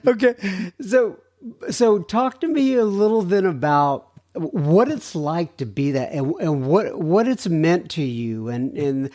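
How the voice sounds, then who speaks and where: A man's voice: a little high, animated, slow, a little mellow. A man hosting a recovery podcast, asking questions in a friendly, loose way with many fillers. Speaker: podcast host. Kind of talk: interview chat.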